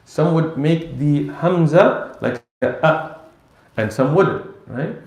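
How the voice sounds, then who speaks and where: A man giving an Islamic lecture, telling stories in an animated way and acting out bits of dialogue. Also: fairly high pitch, slow. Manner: animated storytelling with acted-out dialogue. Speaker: Islamic teacher. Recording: roomy echo.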